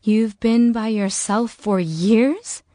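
A woman voicing a resilient female mechanic who speaks gently and reassuringly. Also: mid-range voice, unhurried, no room sound, clean studio sound, close to an everyday voice. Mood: calm. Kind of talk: audiobook character voice.

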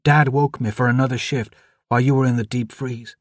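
A man reading an audiobook, voicing a frail, shivering young woman with a small, quiet voice. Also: mid-range voice, fairly even intonation, brisk, no echo, studio quality, lightly acted. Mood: pleading. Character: weak, frightened, cold young woman.

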